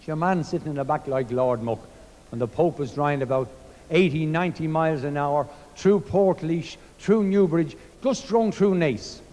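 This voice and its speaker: A man's voice: fairly high pitch, moderate pace. Irish man telling jokes in a reverberant hall. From Ireland. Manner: lively storyteller acting out dialogue. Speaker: comedian. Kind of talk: stand-up joke telling on stage.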